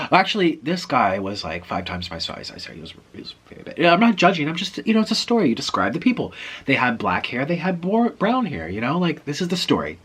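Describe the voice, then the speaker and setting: A man from South America telling a personal story in an animated, chatty, self-deprecating way. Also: fairly high pitch, fairly quick, breathy edge. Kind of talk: casual storytelling.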